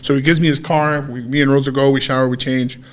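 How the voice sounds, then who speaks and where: A man co-hosting a podcast, casually telling a story in an animated way, swearing freely and acting out what people said. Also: medium pitch, fast talker. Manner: animated, swears freely, acts out quoted dialogue. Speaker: podcast co-host.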